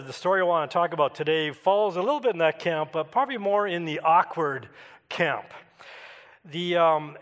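A man's voice: on the high side, a bit bright, big-room sound. A Canadian man preaching a sermon in a church, telling a personal story in a conversational way and asking the congregation questions. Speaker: pastor.

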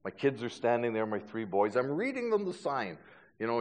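Stammering pastor in a reverberant hall. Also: male voice, medium pitch, very animated, normal speed, fairly bright tone. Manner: storytelling, self-deprecating humor, frequent stammered restarts. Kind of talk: sermon.

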